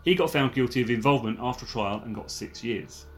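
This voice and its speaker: A man's voice: mid-range voice, fairly quick. Male podcast co-host, wry and jokey, reading out facts. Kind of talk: casual true-crime chat.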